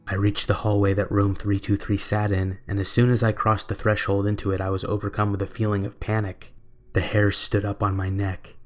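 A young adult man reading a scripted horror story in a measured, steady way. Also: lowish voice. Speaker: narrator.

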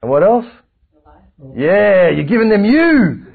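A man giving a casual religious class, lively and animated, acting out little anecdotes. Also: high-pitched, takes it slowly, gravelly, breathy edge. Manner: lively, animated, acts out anecdotes, frequent restarts. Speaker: religious teacher. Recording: tinny phone-like lo-fi recording.

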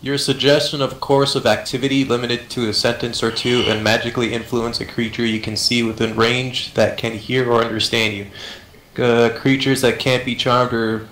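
A man's voice: mid-range voice, level tone, moderate pace, fairly bright tone, a little hiss or hum. A man playing a tabletop game, hesitant with ums, reading his spell's rules aloud to the group. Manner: hesitant, many ums, reads out spell text. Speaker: player. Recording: roomy echo.

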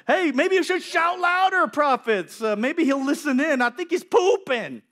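A man voicing a bold, defiant male prophet in a sermon, loud and taunting. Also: very high voice, animated, moderate pace, voice pushed up. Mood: mocking. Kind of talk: sermon with acted-out scenes.

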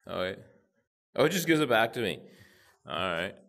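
A young man talks through his gameplay and swears freely, reacting to every moment. His voice sits very low, but it swoops widely up and down as he gets worked up. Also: moderate pace, vocal fry. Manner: profane, excitable, talks to himself while playing. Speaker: gamer channel host. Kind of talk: gameplay commentary.

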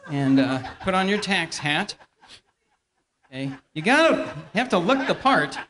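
Lively high-voiced man leading a church skit. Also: a little slow, a little hiss or hum. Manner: playful, directing volunteers and feeding them lines. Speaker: church elder teaching a Bible lesson. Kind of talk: interactive Bible lesson with a staged skit. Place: church hall before a congregation.

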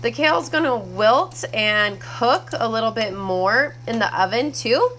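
A woman's voice: on the high side, fairly bright tone, slight background noise. A woman giving a casual, chatty cooking demonstration in her home kitchen, mixing instructions with friendly asides. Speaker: cooking vlogger and teacher.

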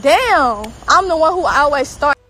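A woman's voice: high-pitched, expressive, measured pace, sharp tone, rough recording. A woman delivering an angry, profanity-filled social media rant, talking heatedly and repeating herself. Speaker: celebrity girlfriend.

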